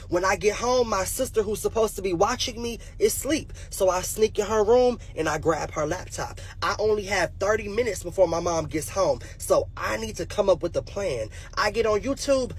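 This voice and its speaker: Male comic in his twenties, husky and highly expressive, for a rambling stand-up tale. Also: moderate pace. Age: 20s. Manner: animated, acts out voices, laughs at own jokes. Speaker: comedian. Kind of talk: stand-up storytelling.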